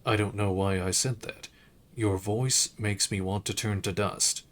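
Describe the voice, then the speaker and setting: A man voicing a drunk, despairing male detective in his own plain, unhurried voice during a game playthrough. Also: on the low side, steady tone, natural voice. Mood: desperate.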